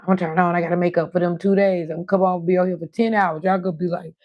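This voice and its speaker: A woman's voice: fairly low pitch, fairly even intonation, fast, lo-fi sound. A woman hosting her own live stream, chatting casually and talking straight to her viewers. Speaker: livestream host.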